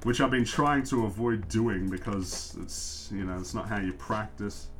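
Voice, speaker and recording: A man's voice: fairly low pitch, unhurried, faint music behind. A man with an Australian accent chatting casually on a livestream while he draws and answers questions from chat. He rambles, pokes fun at himself and laughs often.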